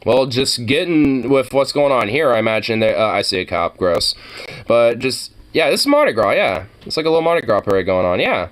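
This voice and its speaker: A man's voice: medium pitch, animated, brisk. Rambling, profane man from Oregon. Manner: rambling, profane, laughs a lot. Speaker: reaction video host. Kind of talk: casual reaction commentary.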